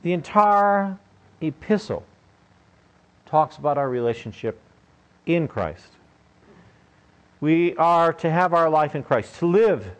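A man's voice: fairly high pitch, expressive, takes it slowly, long pauses. An older man preaching a sermon in a conversational, joking way, often asking his listeners questions. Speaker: pastor. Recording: dull lo-fi recording.

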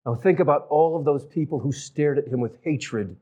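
A man preaching a sermon, telling stories and shifting from loud emphatic lines to near-whispered ones. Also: fairly high pitch, moderate pace, slightly rough, lo-fi sound. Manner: storytelling with big swings from loud to hushed. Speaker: pastor.

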